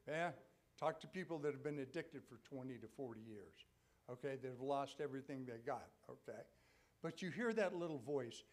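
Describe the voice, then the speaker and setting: Conversational older male pastor preaching. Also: on the high side. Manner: conversational preaching, frequent "okay?" check-ins, rising to loud emphatic peaks. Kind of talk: sermon. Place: church sanctuary.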